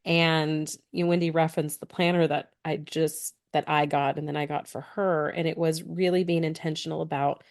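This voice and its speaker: Low-voiced woman co-hosting a podcast. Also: flat delivery, normal speed, few pauses. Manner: earnest, talks in long flowing stretches. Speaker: podcast co-host. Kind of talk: casual podcast conversation.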